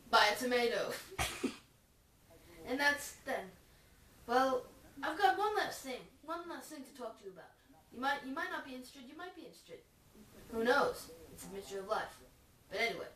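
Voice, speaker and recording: A woman improvising a goofy, rambling parody voice-over of a preacher, full of restarts. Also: high voice. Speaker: fan voice-over comedian. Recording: roomy echo, far from the mic.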